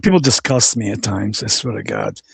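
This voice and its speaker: His voice is fairly low, creaky, and slightly rough yet fairly bright in tone, expressive at a moderate pace with no echo. Hosting a livestream, he delivers an angry, profane rant, reading viewer comments aloud and combatively repeating his insults.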